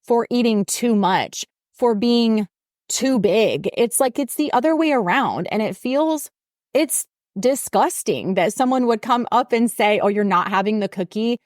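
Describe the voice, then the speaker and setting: A woman's voice: a little slow, no echo, clean studio sound. A woman fitness coach hosting her own podcast, talking casually and emphatically, her voice jumping up when she gets fired up. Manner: animated, emphatic, rising pitch when fired up. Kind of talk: casual solo podcast talk.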